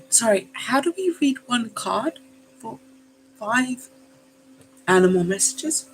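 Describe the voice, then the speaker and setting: A woman's voice: fairly high pitch, expressive, slow pace, low-quality recording. A woman hosting a live tarot reading, exclaiming, swearing and apologizing, and calling her viewers darlings. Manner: affectionate, calls listeners darlings. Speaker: tarot reader.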